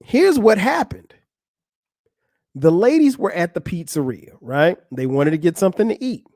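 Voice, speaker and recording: With a high voice at normal speed, a podcast host relates an amusing story as a casual, profane monologue. He's lively and plays out other people's dialogue. No echo, and studio quality.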